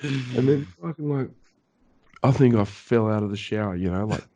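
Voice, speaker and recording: Animated, swearing man telling a story. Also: fairly low pitch, normal speed. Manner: animated, swearing often, acts out voices in his stories. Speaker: podcast co-host. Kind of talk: casual storytelling chat.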